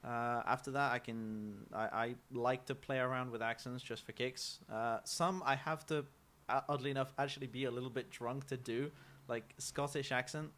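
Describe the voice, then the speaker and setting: A man with an English accent, a guest chatting casually on a talk show in a relaxed, playful way with frequent hesitations. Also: mid-range voice, moderate pace. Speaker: studio guest.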